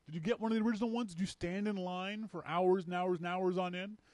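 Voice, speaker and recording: A man from Canada hosting a podcast, telling a story in a casual, animated way and acting out the lines of people in it. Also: sits high, fast, dry recording. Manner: animated, acts out quoted dialogue. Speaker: podcast host.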